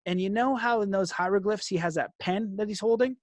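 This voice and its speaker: A young man guest recounting a story in an interview, lively and quick to laugh, peppering his talk with "like". His voice sits fairly high for a man. The sound is dry and close. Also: no room sound. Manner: animated, laughs often, frequent "like".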